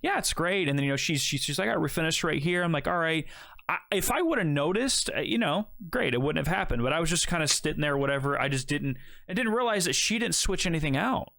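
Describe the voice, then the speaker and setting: A man's voice: a little high, fast talker, gravelly, few pauses. A man on a casual podcast, telling a story with lots of swearing and acting out both sides of the dialogue. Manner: animated, profane, acts out both sides of dialogue. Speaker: podcast co-host.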